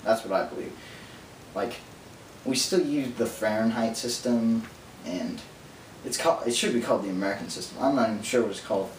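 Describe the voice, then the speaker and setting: A man vlogging alone in a casual, rambling monologue, talking fast and drifting into nerdy tangents. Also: medium pitch. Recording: roomy echo from distance, faint hum.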